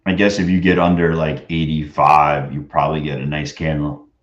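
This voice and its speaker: A man's voice: a bass voice, flat delivery, moderate pace, echoey room, highs cut off. A young man giving loose, crude running commentary on his trades during a live stream, muttering to himself between bursts of banter. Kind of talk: casual running commentary while trading.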